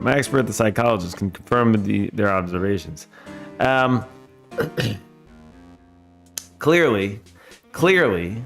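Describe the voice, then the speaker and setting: A man streaming a video game, joking in mock-lawyer speech. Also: on the low side. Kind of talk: casual live-stream banter.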